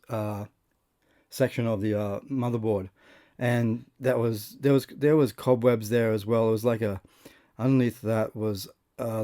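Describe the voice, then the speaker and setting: Chatty Australian man with a mellow voice. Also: on the low side. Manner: rambling and chatty, with many fillers and restarts. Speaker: host of a retro console restoration channel. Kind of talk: casual narration of a restoration video.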